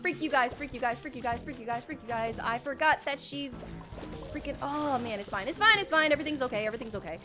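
A woman's voice: sits high, expressive, quick pace. Panicky rambling young woman streamer. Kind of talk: casual gameplay livestream. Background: game music.

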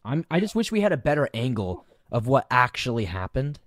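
A man's voice: medium pitch, very animated, a little fast, no room sound, studio quality. A man hosting a commentary video, reacting to a clip with profane disbelief and frequent laughter. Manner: incredulous, profane, laughs often. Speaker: commentary channel host. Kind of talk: reacting to and narrating an online clip.

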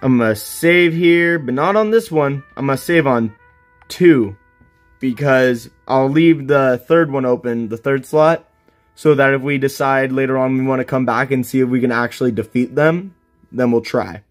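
A man's voice: mid-range voice, normal speed, faint music behind. A man chatting casually to viewers while he plays a video game, laughing now and then. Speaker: let's play host.

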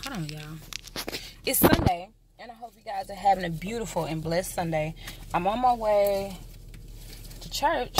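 A woman's voice: medium pitch, expressive, moderate pace, background noise. A woman in her thirties vlogging casually to the camera from home and her car, chatty and swearing freely, talking to viewers as y'all. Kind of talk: casual vlog chat to camera.

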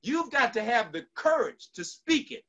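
A man with a fairly high voice delivers a motivational speech. He sounds bright and forceful, and he hammers each point home by repeating it. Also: sing-song, moderate pace, lo-fi sound. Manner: emphatic, repetitive affirmations. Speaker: motivational speaker.

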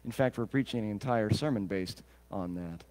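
A man's voice: fairly low pitch, normal speed, a little mellow, long reverb tail. A male pastor preaching a sermon in a conversational way, with joking asides and questions to the congregation.

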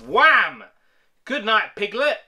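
Excitable man, wildly lively voice. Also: sits high, slow, crowd noise. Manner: excitable, swearing, laughing. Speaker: movie reactor. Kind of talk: casual reaction commentary. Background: film music playing.

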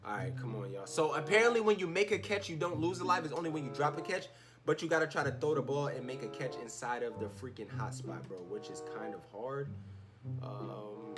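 A man commentating his own video game play in his room, slangy and excitable, swinging from low muttering to loud shouts. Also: fairly quick. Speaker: gaming YouTuber. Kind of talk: live gameplay commentary. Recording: music playing behind.

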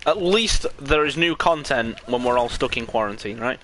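Bright-voiced British gaming streamer. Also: male voice, medium pitch, expressive, normal speed. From Britain. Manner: joking, laughs often, rambling asides. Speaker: game streamer. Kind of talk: casual live gameplay chat.

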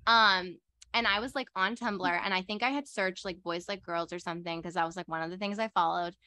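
A young woman co-hosting a podcast, telling a story in a rambling, excitable way and filling her talk with "like". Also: fairly low pitch, a little fast, no room sound. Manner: rambling and excitable, heavy use of "like". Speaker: podcast co-host. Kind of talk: casual storytelling chat.

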